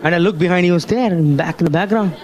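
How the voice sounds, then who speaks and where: A man's voice: high-pitched, quick pace, a little mellow, some chatter behind. A man giving a motivational seminar talk, telling stories and often asking the audience questions. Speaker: motivational speaker at a business seminar.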